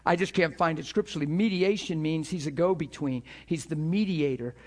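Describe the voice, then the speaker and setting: A man's voice: fairly high pitch, fairly quick. A man preaching and teaching earnestly, telling his own testimony with fervent repetitions and restarts. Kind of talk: sermon-style teaching with personal testimony.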